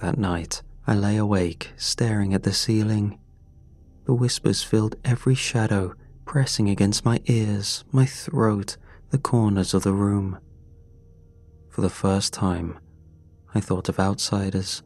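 A man narrating a scripted horror story in a slow, measured, grim way. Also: fairly low pitch, gravelly, darkish tone. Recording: dry close voice over faint music. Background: faint music.

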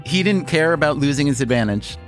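A man hosting a radio interview show, narrating and asking curious, measured questions. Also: fairly high pitch, animated, soft background music. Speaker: podcast host.

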